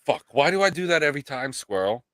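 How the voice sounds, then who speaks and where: Profane ranting man, very lively pitch. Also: quick pace, no room sound, studio quality. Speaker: podcast host. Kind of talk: casual live-stream chat.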